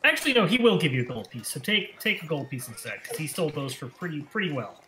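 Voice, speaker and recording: A man's voice: a little high, very animated, fast talker, sharp tone. A man narrating a tabletop game as game master, rambling and correcting himself with lots of fillers.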